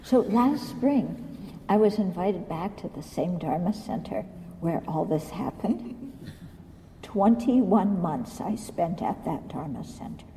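A woman giving a Buddhist dharma talk, animated and self-mocking, often laughing at her own stories. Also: lowish voice, slow, in a large hall, slight background noise, poor audio. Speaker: Buddhist teacher.

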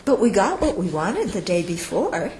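In an echoey room with slight background noise and a rough recording, a woman with a mid-range voice speaks at a moderate pace. She delivers a dharma talk to an audience, teaching Buddhism conversationally. She often checks in with listeners and acts out quoted speech with lively vocal shifts.

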